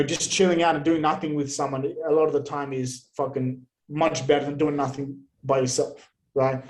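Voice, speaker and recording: A man's voice: mid-range voice, low-quality recording. A man, a podcast guest, talking bluntly in a casual interview and swearing often. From Australia. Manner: blunt, heavy swearing, animated rants.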